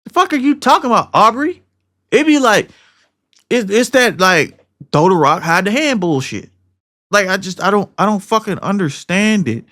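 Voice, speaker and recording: A man's voice: high voice, big pitch swings, moderate pace, bright, forceful tone. A young man co-hosting a podcast, ranting in a heated, profane, slangy and rambling way. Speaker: podcast co-host. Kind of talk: casual podcast rant.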